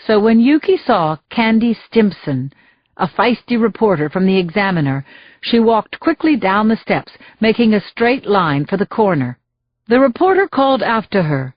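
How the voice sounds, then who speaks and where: A woman reading a thriller audiobook in measured, scripted narration. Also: mid-range voice, big pitch swings, no echo, lo-fi sound.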